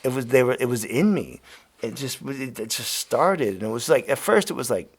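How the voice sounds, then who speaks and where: Podcast guy with a gravelly voice, casually telling a story, swears a lot, laughs along. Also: mid-range voice, normal speed. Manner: animated, laughing, swearing freely. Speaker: podcast host.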